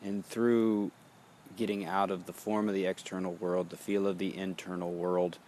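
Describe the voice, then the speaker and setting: A man leading a guided meditation, speaking in slow, measured phrases with long pauses. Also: low voice, flat delivery, a little mellow, slight background noise.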